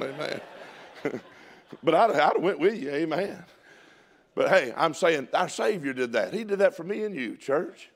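A man preaching a lively sermon in a Southern US accent, shouting at peaks and laughing between folksy asides. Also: medium pitch, moderate pace.

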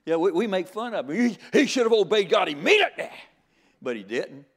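A man's voice: high-pitched, very animated, a little fast, a bit bright, breathy edge. An older man giving a sermon as a guest preacher. He jokes in a folksy way and often stammers into restarts.

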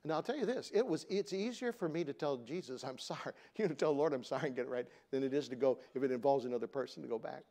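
A fast-talking middle-aged pastor barely pauses as he relates a family story in his sermon, keeping it conversational. Loud bursts for emphasis give way to a soft, low voice.

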